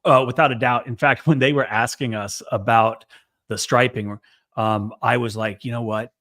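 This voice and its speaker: A man who runs a service business, speaking as a guest in a casual Q&A in a relaxed, rambling way with many fillers. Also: medium pitch, normal speed.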